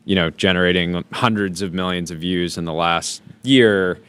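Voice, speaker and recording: A man co-hosting a podcast who talks in a relaxed, halting way with fillers. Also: low voice, clean tone. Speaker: podcast co-host. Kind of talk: casual podcast interview.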